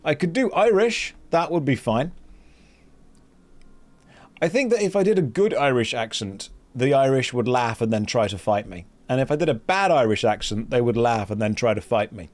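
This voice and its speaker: A man's voice: mid-range voice, expressive, normal speed, darkish tone. British man telling wry stories. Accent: British English. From Britain. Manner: rambling anecdotal storytelling with wry humour. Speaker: streamer host. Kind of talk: casual chat while gaming.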